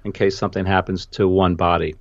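A man's voice: low-pitched, little pitch movement, a little fast, no room sound, lo-fi sound. A man with a New York accent hosting a podcast, chatting casually and laughing easily with lots of "you know" fillers over a video call. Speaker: podcast host and photographer. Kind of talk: casual conversation.

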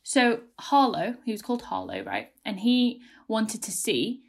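A young woman chatting casually on a podcast, emotional and excitable, rambling with lots of fillers. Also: a little high, measured pace, vocal fry.

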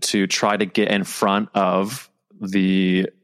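Low-voiced man hosting a casual chat. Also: little pitch movement, slow, smooth. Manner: friendly, thoughtful, asks follow-up questions.

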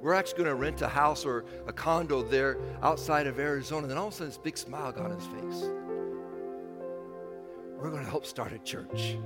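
A man in his fifties preaching a sermon as pastor, animated and acting out bits of dialogue in bursts. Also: mid-range voice, a little fast. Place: church sanctuary. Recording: church hall reverb with faint music.

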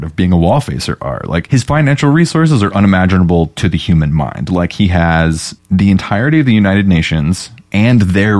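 A man with a very low voice co-hosts a podcast and retells a novel's plot casually. He rambles and leans on "like" a lot. The recording is dry and close. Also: darkish tone, dry recording. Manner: rambling, many "like" fillers. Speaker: podcast co-host. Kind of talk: casual chat retelling a book.

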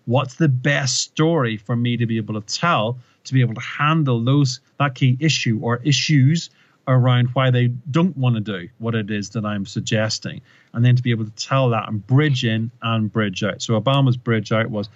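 A man's voice: mid-range voice, normal speed, highs cut off. A man in an interview, explaining a communication case study and telling stories with rising emphasis. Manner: animated storyteller, retells with rising emphasis.

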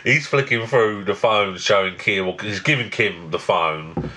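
A man's voice: lowish voice, unhurried, sharp tone. A married man co-hosting a podcast, telling crude, jokey stories in casual banter. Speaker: podcast co-host.

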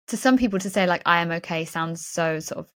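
A woman with a slightly low voice hosts a podcast interview. She speaks in a reflective, thoughtful way and shares personal insights with her guest. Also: fairly quick, smooth. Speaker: podcast host.

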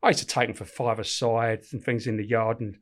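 A middle-aged former prison officer tells anecdotes in casual chat, swearing, laughing often and acting out voices. His pitch is medium and his intonation fairly even, and he speaks a little fast.

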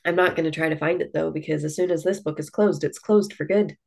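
A woman's voice: low voice, steady tone, fast talker, vocal fry, darkish tone. A woman co-hosting a podcast, chatting casually about a book in a blunt way, with lots of "like" and the odd swear word. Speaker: podcast co-host. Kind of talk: casual book review chat.

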